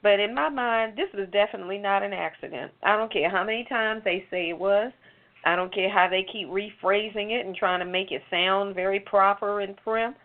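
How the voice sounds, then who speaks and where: A woman's voice: mid-range voice, moderate pace. Indignant woman on a phone-like line. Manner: indignant, sarcastic, rhetorical questions. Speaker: talk show commentator. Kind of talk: heated opinion commentary. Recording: phone-like narrow sound.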